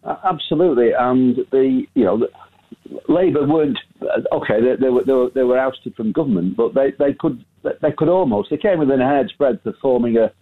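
A man calling into a radio phone-in, talking in a halting way with many restarts, heard over a phone line. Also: mid-range voice, slightly rough. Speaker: caller.

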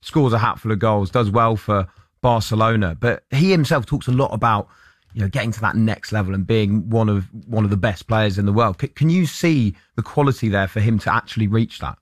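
A man hosting a sports radio show, firing off questions and building his points with quick asides. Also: lowish voice, no echo, studio quality.

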